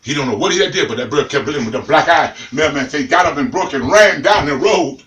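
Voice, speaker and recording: A man telling a comic tale in an animated, dramatic way, talking straight to the listener. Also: on the high side, quick pace, echoey room, far from the mic, a little hiss or hum, rough recording. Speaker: storyteller.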